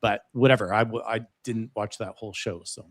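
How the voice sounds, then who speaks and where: A man speaking as a panelist on a video call, explaining his view in a measured, hedging way with frequent restarts. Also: lowish voice, steady tone. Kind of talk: panel discussion.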